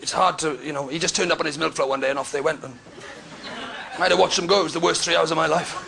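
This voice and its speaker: A Welsh man doing a stand-up set on a club stage, chatting and teasing the crowd with sudden loud outbursts. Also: a little high, steady tone, fast talker, creaky. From Wales. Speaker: stand-up comedian. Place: comedy club stage before a live audience. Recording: noisy live club recording.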